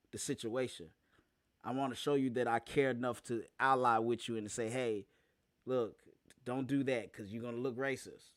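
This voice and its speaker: A man hosts his own live show, talking straight to his audience in a loose, chatty way. He slows down to hammer a point home and repeats lines for weight, often breaking into a laugh. His mid-range voice sounds close and dry, with no room echo. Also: mid-range voice, fairly bright tone. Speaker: show host. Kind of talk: live solo talk show monologue.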